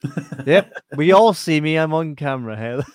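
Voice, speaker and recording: A man's voice: on the high side, animated, brisk. A man with a Scottish accent hosting a casual live stream, reading out chat messages with lots of laughter and banter. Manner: banters, laughs often, swears.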